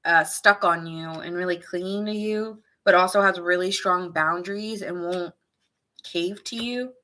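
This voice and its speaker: Bright-voiced woman giving a chatty tarot reading. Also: on the low side, measured pace. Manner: chatty, laughs often, heavy use of "like"; playful, animated asides to the viewer. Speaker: tarot reader. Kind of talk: casual tarot reading to camera.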